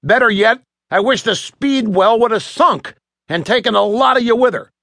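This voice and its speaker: A spiteful ship's sailor, put on by a male narrator, sneering and taunting in a raised, pushy voice with wide swings of pitch. The sound is close and dry, with no room around it. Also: huge pitch swings, normal speed, vocal fry, a bit bright, no room sound, full character voice. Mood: hateful, sneering. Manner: scornful, taunting. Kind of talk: audiobook character voice.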